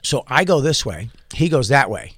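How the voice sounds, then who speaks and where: A man telling a rambling story in casual chat, animated and full of profanity. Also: medium pitch, normal speed, husky, no echo, studio quality. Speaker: podcast storyteller.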